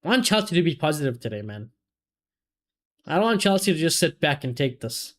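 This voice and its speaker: A man, casually commentating a football match for his live chat and reacting loudly to chances. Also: a little high, big pitch swings, fairly quick. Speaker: streamer hosting a football watchalong.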